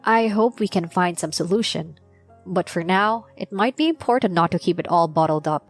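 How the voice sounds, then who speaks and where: A young adult woman narrating her own story as a mother, in a plain, steady confessional tone. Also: on the low side, normal speed. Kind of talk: first-person storytelling. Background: faint music.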